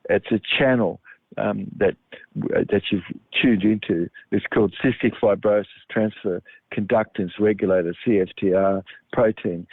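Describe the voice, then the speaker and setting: A man's voice: fairly low pitch, dry recording. A man giving a rambling health talk, full of ums and restarts. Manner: meandering, with many ums and restarts. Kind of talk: rambling monologue. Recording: tinny phone-like line, dry.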